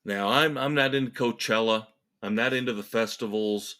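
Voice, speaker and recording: A man's voice: lowish voice, moderate pace, bright, forceful tone. A man hosting a music podcast, ranting in a sarcastic, exasperated and emphatic way. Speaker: podcast host. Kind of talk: opinionated solo rant.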